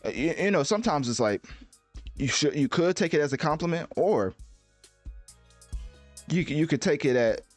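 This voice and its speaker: A man's voice: a little high, animated, moderate pace, pauses often, no echo, soft background music. A man in his twenties hosting a solo podcast, talking in a laid-back, conversational way with many asides and fillers. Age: 20s. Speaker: podcast host. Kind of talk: casual solo podcast monologue.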